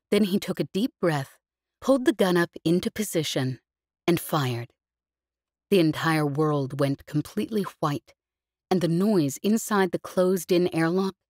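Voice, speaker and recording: A woman narrating an audiobook with an expressive, vivid storytelling delivery. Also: on the low side, dry recording, studio quality.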